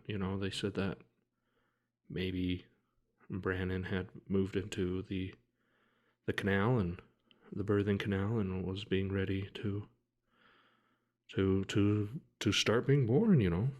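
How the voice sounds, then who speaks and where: A man telling a personal story to the camera in a quiet, heavy way, halting often and restarting his sentences. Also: low voice. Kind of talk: personal account told to camera.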